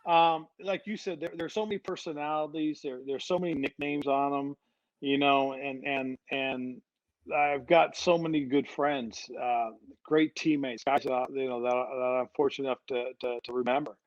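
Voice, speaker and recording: A middle-aged man, a head coach, telling stories on a podcast at a mid pitch. He talks casually and keeps restarting his sentences with repeated words. The audio sounds muffled and dry. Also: fairly even intonation, normal speed, no echo. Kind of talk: conversational storytelling.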